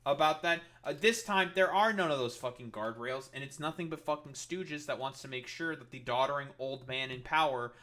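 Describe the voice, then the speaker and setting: A man's voice: medium pitch, a little fast, few pauses, pushed and bright. Profane, exasperated male commentator. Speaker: political commentator streamer. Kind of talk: reaction commentary.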